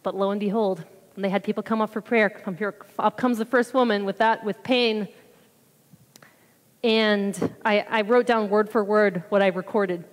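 Woman, mid-pitched, lively testimony storyteller, church hall with long reverb. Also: normal speed. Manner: animated, acts out her own reactions. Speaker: church member giving a mission trip report.

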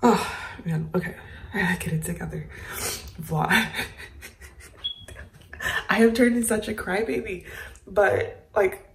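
A woman's voice: medium pitch, measured pace, long pauses. A young woman vlogging at home, talking openly and emotionally and close to tears. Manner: emotional, confessional, with soft laughs. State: tearful. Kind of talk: casual personal vlog. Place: indoors at home, then an airport.

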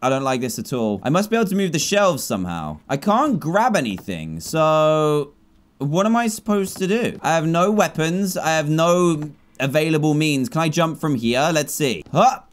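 A young man in his twenties who excitedly narrates his own moves while playing a video game, cheering out loud when he wins. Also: a little high, moderate pace. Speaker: gaming YouTuber. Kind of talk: gameplay commentary.

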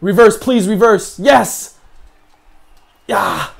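A young man giving gameplay commentary, swearing often and shouting at the game. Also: high voice, very slow, creaky, breathy edge. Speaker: let's play commentator.

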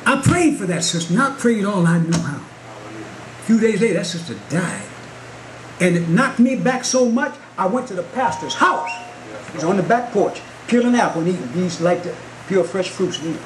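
A man preaching a Pentecostal sermon at a Bible study, telling a story and rising into shouts with call-and-response. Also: high-pitched, sing-song, moderate pace. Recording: congregation noise in a church hall. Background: congregation responding.

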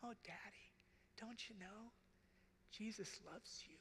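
A man's voice: sits high, slow pace, slight background noise, pitched above the performer's own voice, full character voice. Man whispering as a tender little girl. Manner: soft, hushed and gentle. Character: tender little girl praying for her father. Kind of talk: whispered role-play. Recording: reverberant hall.

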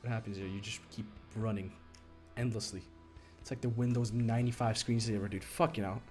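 A young man streaming a game, complaining and swearing, muttering low one moment and shouting the next. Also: fairly even intonation, fairly quick. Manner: frustrated, swearing, swings from mumbling to shouting. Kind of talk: live gameplay commentary. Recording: game music behind the voice. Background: game music.

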